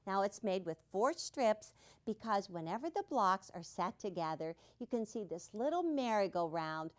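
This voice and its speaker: A woman's voice: mid-range voice, dry recording. A woman hosting a quilting show, demonstrating cutting and sewing steps in a cheerful, playful way.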